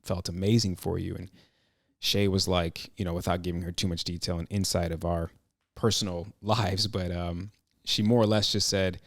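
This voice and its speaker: A man hosting a podcast, telling a personal story in an earnest, reflective way, halting and restarting his sentences. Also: sits low, level tone, creaky, no echo, clean studio sound. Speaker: podcast host.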